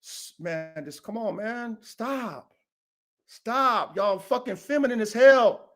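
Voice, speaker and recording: A man's voice: high voice, takes it slowly, a bit bright. A man hosting a livestream podcast, talking bluntly and profanely, getting fired up and repeating himself. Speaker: podcast host and dog breeder. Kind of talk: casual livestream rant. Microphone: live stream mic.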